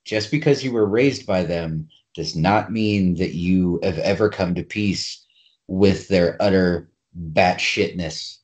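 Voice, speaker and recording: Male co-host, lowish voice, dry wit, brief interjections. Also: slow pace. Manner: wry, short replies, teasing. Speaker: podcast co-host. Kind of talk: crude casual chat.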